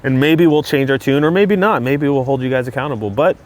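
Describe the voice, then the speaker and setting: A man's voice: mid-range voice, brisk. A man co-hosting a podcast in laid-back casual chat, laughing often and letting his sentences trail off. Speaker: podcast co-host.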